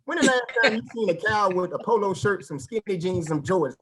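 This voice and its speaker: Male stand-up comic, high voice, animated storytelling, vernacular delivery. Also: a little fast, slight background noise. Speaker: stand-up comedian. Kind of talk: stand-up comedy set.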